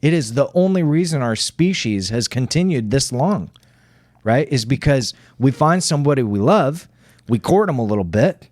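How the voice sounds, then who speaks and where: An earnest man talks through a podcast in casual chat, reflective and blunt, with plenty of swearing. He keeps checking in with his listener by tagging "right?" onto his points. His voice sits at an ordinary middle pitch, recorded close and dry. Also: expressive, normal speed, darkish tone, no echo. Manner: earnest, swears freely, leans on "right?" tags. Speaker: podcast co-host.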